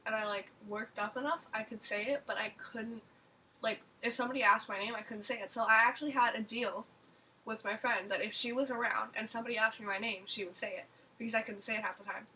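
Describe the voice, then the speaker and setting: A woman chats loosely with friends, clipping her word endings and leaning on fillers. Her voice is high and bright. She sits a little back from the microphone, with a faint hiss in the background. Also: fairly even intonation, quick pace, distant mic, low-quality recording. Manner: chatty, filler-heavy, skips word endings. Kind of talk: casual chat.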